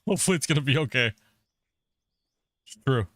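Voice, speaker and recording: A man's voice: mid-range voice, lively intonation, a little fast, a bit bright, dry recording, clean studio sound. A man streaming a game live, bantering and teasing with viewers and teammates in a joking way. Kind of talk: live gameplay chat with viewers.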